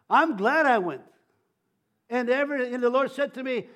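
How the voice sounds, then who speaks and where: Older male preacher, very high pitch, conversational sermon, frequent stammered repeats, bursts of volume on key lines. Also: animated, brisk, a bit bright. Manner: testimony-style preaching with many restarts and stammers. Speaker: pastor.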